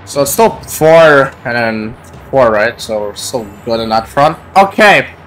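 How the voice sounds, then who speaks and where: Brief: young-sounding man, casual card-opening vlog, slow drawn-out delivery, rambling with lots of "like", faint music underneath. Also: medium pitch, animated, a bit bright. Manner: rambling, many "like" fillers, naming cards aloud. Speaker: YouTuber opening trading cards.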